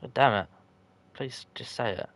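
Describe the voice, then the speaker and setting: A man's voice: medium pitch, normal speed, fairly bright tone. A man live-streaming a football video game, chatting loosely with his viewers, joking in slang and swearing when things go wrong. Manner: chatty and loose, answers chat viewers by name. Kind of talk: casual live-stream commentary, reacting to chat.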